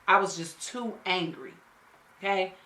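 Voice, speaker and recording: A woman's voice: mid-range voice, a little slow, bright, forceful tone. A woman in her thirties telling a story while doing her makeup. She talks bluntly, swears, and drives home her points with repeated "okay?". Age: 30s. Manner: emphatic storyteller, tags lines with "okay?"; blunt, salty slang and swearing. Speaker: beauty vlogger. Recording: roomy echo.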